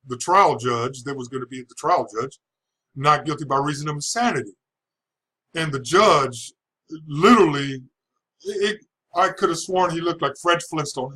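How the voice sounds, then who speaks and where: A man's voice: a little high, bright, forceful tone, low-quality recording. Chatty man telling his story. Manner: chatty, frequent restarts, chuckling. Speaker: person giving a testimony. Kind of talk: casual storytelling.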